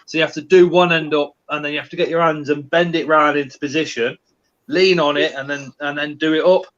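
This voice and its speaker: A man's voice: a little high, fairly even intonation, fairly quick, fairly bright tone, dull audio. A man hosting a live stream, chatting casually and rambling with lots of fillers. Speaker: livestream host.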